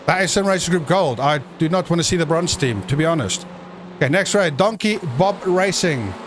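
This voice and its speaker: A man giving jokey, excitable live commentary on a sim race, breaking into shouts at crashes. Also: fairly high pitch, brisk, background noise.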